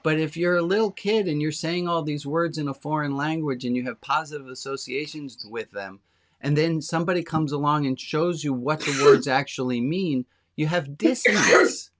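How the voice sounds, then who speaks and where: A man's voice: a little high, normal speed, a bit bright. A man speaking as a rabbi, giving a frank, plainspoken, conversational sermon to his congregation. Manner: talks directly to a small congregation.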